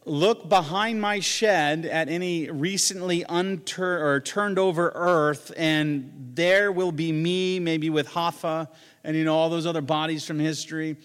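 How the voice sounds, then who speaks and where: A man's voice: fairly high pitch, fairly even intonation, unhurried, a bit bright, clean tone, long reverb tail. A man, a pastor, preaching a sermon in a conversational way, with joking asides and quoted lines he acts out.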